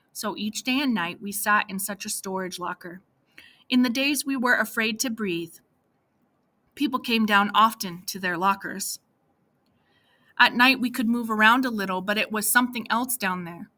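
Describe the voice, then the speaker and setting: Bright-voiced woman audiobook narrator. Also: medium pitch, moderate pace. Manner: plain, steady storytelling. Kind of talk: first-person audiobook narration.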